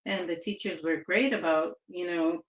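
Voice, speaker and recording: A woman's voice: fairly low pitch, steady tone, moderate pace. Chatty woman in an echoey room. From Southern California. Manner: reflective, chatty storytelling with restarts. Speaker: interview guest. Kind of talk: casual interview.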